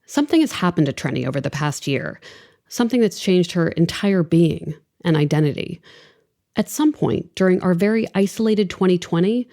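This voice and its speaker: A woman's voice: lowish voice, vocal fry, warm tone. A woman in her forties hosting a podcast, narrating a scripted story in a wry, conversational way. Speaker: podcast host.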